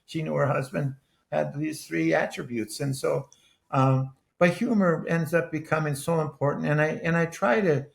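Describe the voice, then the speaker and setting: A man's voice: a little high, fairly even intonation, normal speed, creaky. A man in his eighties, a guest in a podcast interview, telling stories in an earnest, rambling way with many restarted sentences. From Wisconsin. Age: 80s. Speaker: guest, author and former politician. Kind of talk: conversational podcast interview with anecdotes.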